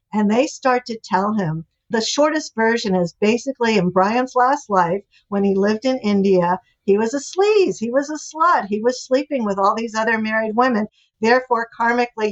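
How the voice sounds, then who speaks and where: A woman's voice: medium pitch, expressive, normal speed. An older woman, a guest author and relationship expert, telling anecdotes animatedly in a podcast interview. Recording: dull lo-fi audio.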